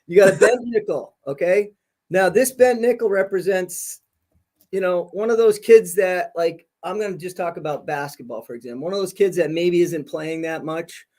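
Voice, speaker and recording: High-voiced energetic man telling stories. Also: moderate pace. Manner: energetic, laughs through his stories. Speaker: high school principal, guest. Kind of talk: casual podcast interview storytelling. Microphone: video call.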